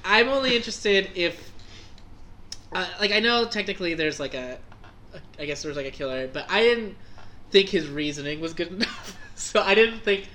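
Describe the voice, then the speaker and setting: A man co-hosting a casual podcast chat who rambles and fills his speech with "like". His voice is fairly high and bright, with a faint hum behind it. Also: lively intonation, normal speed. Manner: rambling, many filler "like"s.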